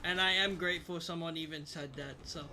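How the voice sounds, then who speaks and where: Bright-voiced frustrated young gaming streamer man. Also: fairly high pitch, fairly even intonation, fairly quick, faint music behind. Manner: frustrated, swearing, self-mocking. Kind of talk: casual gameplay commentary to chat.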